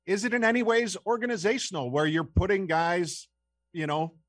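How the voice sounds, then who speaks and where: A man's voice: high voice, fairly even intonation, moderate pace, dry recording. A man hosting a hockey podcast, who recaps plays with enthusiasm before asking his questions. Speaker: podcast host. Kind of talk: podcast interview.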